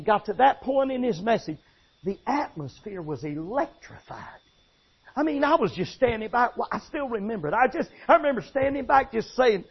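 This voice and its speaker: A man's voice: very high-pitched, gravelly, breathy edge. A man preaching a sermon with emphatic storytelling. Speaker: pastor. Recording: dull lo-fi sound.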